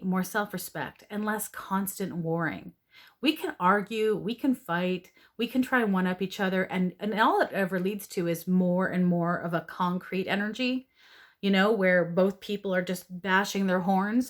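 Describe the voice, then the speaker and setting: Woman, lowish voice, earnest, pleading spiritual advice talk. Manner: earnest, pleading, with frequent "right?" and "okay?". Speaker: oracle card reader.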